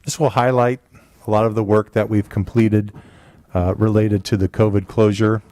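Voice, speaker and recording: A man presenting a school district report at a board meeting, halting often with restarts and fillers. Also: fairly low pitch, level tone, warm tone, no room sound.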